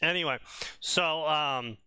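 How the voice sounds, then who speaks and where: A man's voice: fairly high pitch, slow pace, pushed and bright, smooth, no room sound. A young man from New Jersey with a Jersey accent, telling stories in casual stream banter, swearing freely and laughing often. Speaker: co-host.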